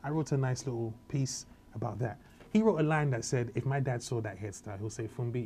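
A comedian with a British accent who grew up partly in Nigeria, telling stories in a casual, animated interview chat. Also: male voice, mid-range voice, a little fast, slight background noise. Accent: British English. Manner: animated storytelling. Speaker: comedian guest.

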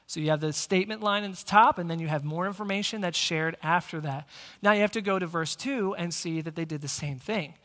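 A male pastor preaching a sermon, energetic and speaking directly to the congregation in a church sanctuary. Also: high-pitched, brisk. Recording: long church hall reverb.

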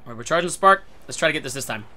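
A man giving excitable gameplay commentary who swears a lot and breaks into sudden shouts. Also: on the high side, racing, slight background noise. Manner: talks to himself and his teammates. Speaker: gaming video creator.

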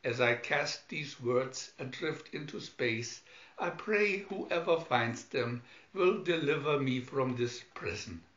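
A man's voice: mid-range voice, expressive, takes it slowly, a bit bright. Pompous, cowardly doctor for a storybook, whining and theatrical; a man puts him on; roomy, muffled recording. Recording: echoey, dull home recording.

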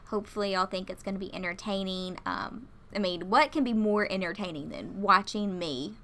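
A woman's voice: mid-range voice, moderate pace, fairly bright tone. A young woman giving casual, chatty commentary while playing a life-simulation game, giggling often and calling her viewers "y'all". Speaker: gaming YouTuber. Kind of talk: casual let's-play commentary.

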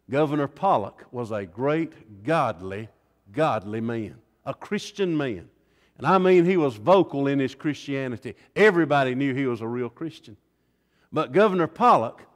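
A man preaching a revival sermon, swinging dramatically between hushed tones and loud cries. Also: medium pitch. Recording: long reverb in a large hall.

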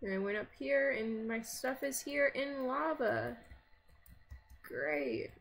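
A woman's voice: fairly high pitch, lively intonation, slow, creaky. A woman narrating her own gameplay in casual let's-play commentary, chatting to herself, grumbling and easily startled. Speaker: gaming video creator.

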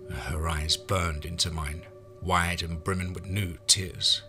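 A man reading a first-person horror story in a measured, low-key way. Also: steady tone, bright, forceful tone, soft background music.

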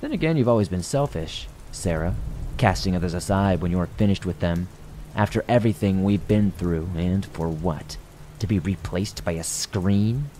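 A man's voice: sits low, normal speed, dark tone, a little hiss or hum, lightly acted. A man voicing a sinister, falsely sweet male stuffed toy rabbit with a wheezing sing-song menace in a horror story. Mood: cold reproach.

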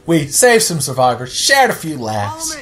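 A young man with a sick throat talks through a video game in crude, joking banter. His voice swings up and down in lively pitch, and he slips into quick impressions. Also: faint music behind. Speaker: let's play host. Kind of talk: casual gameplay commentary.

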